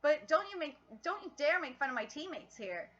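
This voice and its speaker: A woman reading the lines of a gentle, self-effacing young man in a calm, soft-spoken way. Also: high-pitched, a little fast. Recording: lo-fi stream audio.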